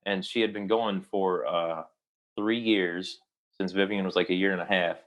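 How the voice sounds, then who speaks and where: A man's voice: sits low, fairly even intonation, moderate pace, a bit bright. A young adult man, an actor, telling a long personal story in a casual interview and rambling with many restarts.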